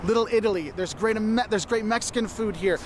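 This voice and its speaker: A man's voice: high-pitched, fairly quick, slight background noise. A man presenting a travel guide video, chatty and explanatory, often checking in with "okay?". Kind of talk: scripted travel guide talk.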